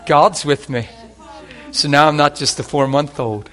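High-pitched preacher guy telling his story, goes quiet then gets loud and laughy. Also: unhurried. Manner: animated storytelling, swings between hushed quotes and loud laughing bursts. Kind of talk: sermon testimony.

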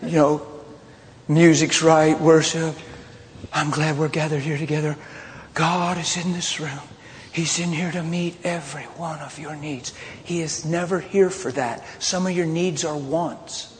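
A man preaching a sermon, mixing loud outbursts with hushed personal confessions as he tells a story. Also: on the high side, steady tone, unhurried, a little hiss or hum. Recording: long hall reverb, faint ambience.

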